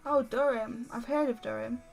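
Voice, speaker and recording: Giggly woman host, a bit high, rambling chat, soft music faintly behind. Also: fairly even intonation, moderate pace, creaky. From Derbyshire, England. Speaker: livestream host. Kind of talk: casual livestream chat while stitching.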